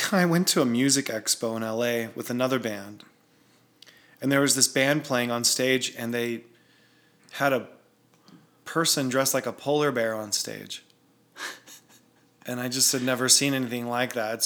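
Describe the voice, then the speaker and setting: A man sits in as a guest and talks about his work in an easygoing way. He laughs easily and speaks at a middle pitch for a man. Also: moderate pace, long pauses. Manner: relaxed, chatty, laughs easily. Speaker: guest, music video director. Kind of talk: casual chat.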